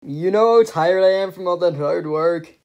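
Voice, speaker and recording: A man's voice: sits high, moderate pace, darkish tone, lo-fi sound. A man voicing a lazy, offhand cartoon object character in a fan animation. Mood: bored. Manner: flippant and offhand.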